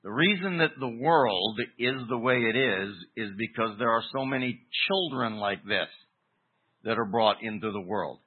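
A man preaching an expository sermon, teaching deliberately with emphatic pauses. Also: medium pitch, animated, husky. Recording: tinny phone-like recording.

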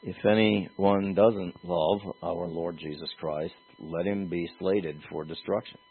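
Male pastor delivering a sermon; slow, husky, lowish voice, tinny phone-like recording. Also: fairly even intonation. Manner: earnest, emphatic preaching with pauses and restarts.

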